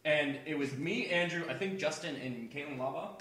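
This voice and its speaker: A young man from the Kansas City area, a podcast host telling a profane, animated story in casual chat. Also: on the high side, fairly quick. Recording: echoey room with crowd noise.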